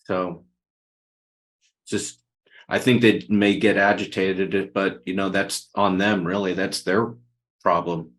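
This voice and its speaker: A man's voice: low-pitched, level tone, slow, pauses often, fairly bright tone. A man in a group coaching call, blunt and matter-of-fact as he shares his view over a video call. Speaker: coaching student.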